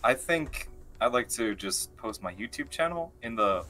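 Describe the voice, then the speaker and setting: A man guest on a livestream, speaking in a quiet, hesitant, low-key way. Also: lively intonation, moderate pace, a little hiss or hum. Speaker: stream guest. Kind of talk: casual livestream chat.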